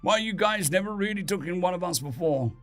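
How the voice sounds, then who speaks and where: A man voicing a defiant dead atheist who stays calm and coldly confident, asking one probing question after another. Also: high-pitched, brisk, faint music behind, pitched above the performer's own voice.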